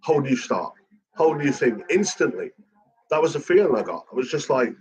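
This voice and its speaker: A middle-aged man, chatting casually, swearing constantly and talking in a raw, halting way. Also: mid-range voice, big pitch swings, darkish tone, slightly rough, rough recording. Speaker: channel host. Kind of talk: casual chat.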